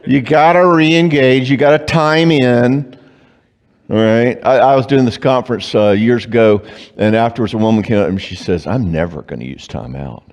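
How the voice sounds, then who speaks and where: A man's voice: medium pitch, normal speed, clear, resonant tone. A man giving a live talk at a church marriage conference, telling stories and acting out dialogue with humor. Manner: animated, acts out quoted dialogue with humor. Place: church before a live audience. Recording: long reverb of a church hall.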